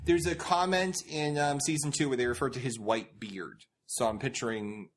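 A woman's voice: very deep voice, moderate pace, slight background noise. A woman co-hosting a podcast, chatting bluntly and emphatically in a casual group talk. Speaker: podcast co-host.

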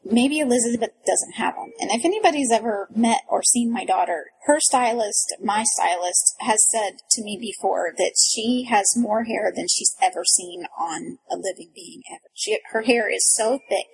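A woman in her thirties telling a frantic personal story in casual chat, animated and breathless, full of restarts. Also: medium pitch, moderate pace, gravelly, few pauses, husky, rough recording. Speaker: guest storyteller.

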